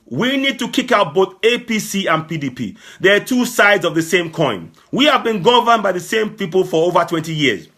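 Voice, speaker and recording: A man giving an impassioned political address to his audience, fervent and repetitive, sometimes shouting. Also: sits high. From Nigeria. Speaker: political broadcaster.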